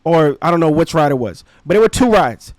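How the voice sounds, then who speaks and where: A man in his thirties with a fairly high voice, spinning a slangy, animated story for his podcast. The sound is dry and close, with no room ring. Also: a little fast, dry recording. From Brooklyn, New York. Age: 30s. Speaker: podcast host. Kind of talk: casual storytelling.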